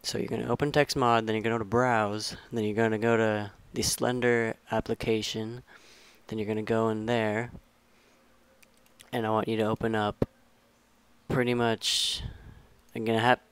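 A young man talks through a game modding tutorial in a low, smooth, clear voice. His delivery stays flat and even as he rambles and corrects himself along the way. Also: normal speed, no echo. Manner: rambling, self-correcting, relaxed instructions. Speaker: tutorial maker. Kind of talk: casual screen-recorded game tutorial.

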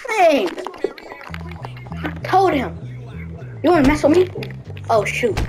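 Woman, high-pitched, lively swings, excitable trash talk, gameplay commentary, game music loud underneath. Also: slow, low-quality recording. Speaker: gaming video creator.

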